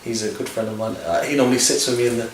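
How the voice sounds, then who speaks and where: A man who is a singer, chatting in a quick, easygoing way as a guest on a talk show. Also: medium pitch. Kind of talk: casual interview chat. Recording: echoey room, mic at a distance.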